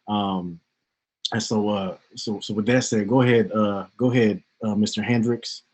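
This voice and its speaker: Husky-voiced male panel moderator. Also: lowish voice, moderate pace, low-quality recording. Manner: relaxed, explanatory, with many fillers. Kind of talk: online panel discussion. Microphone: video call.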